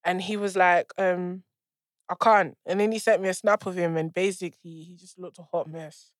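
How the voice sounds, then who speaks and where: A woman's voice: on the low side, fairly even intonation, moderate pace, no echo, studio quality. A young woman with a slightly nasal voice, co-hosting a podcast with goofy, laughing banter. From Sierra Leonean heritage. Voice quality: slightly nasal, blocked-nose sound. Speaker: podcast co-host. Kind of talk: casual chat.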